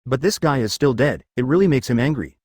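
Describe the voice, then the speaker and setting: A man's voice: mid-range voice, expressive, a little fast, a little mellow, breathy edge, no echo, studio quality. A man reading a story as narrator in a mechanical way, saying symbols and numbers aloud. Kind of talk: scripted narration.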